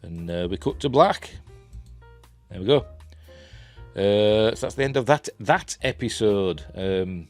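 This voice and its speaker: A man's voice: lowish voice, expressive, measured pace, long pauses. A man with a Yorkshire accent giving a casual, rambling TV episode review, full of fillers, chuckles and self-deprecating asides. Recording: faint music in the background.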